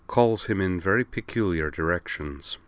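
A man voicing a refined, polite female alien diplomat in a gentle, measured, formal way for a read-aloud story. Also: low voice, no room sound.

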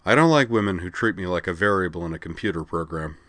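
A young male pilot, brash and frank, quick to joke, voiced by a man reading a story. His voice is low and plain. The sound is dry and close. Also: lively intonation, a bit bright, dry recording.

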